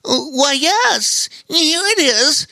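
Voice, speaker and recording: A man's voice: very high-pitched, sing-song, extremely slow, gravelly, sharp tone, dry recording, clean studio sound, voice pushed up, heavily acted. A man voicing a small, timid male otter in a children's story, nervous and stammering. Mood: flustered. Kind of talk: storybook character voice.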